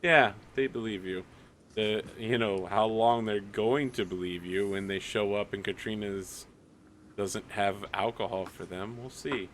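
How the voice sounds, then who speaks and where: A man's voice: on the low side, fairly even intonation, a little slow, a bit bright, a little hiss or hum. A man running a tabletop game as game master, narrating casually with lots of fillers.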